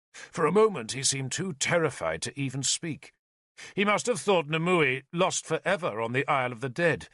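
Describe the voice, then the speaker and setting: A man narrating an audiobook in an expressive storytelling manner. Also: fairly high pitch, dry recording, clean studio sound.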